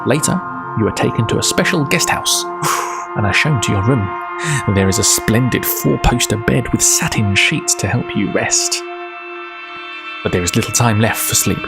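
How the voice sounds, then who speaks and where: A man's voice: lowish voice, expressive, normal speed, gravelly, loud music behind the voice. A man on a casual livestream who rambles, interrupts himself and laughs easily, then reads a book aloud.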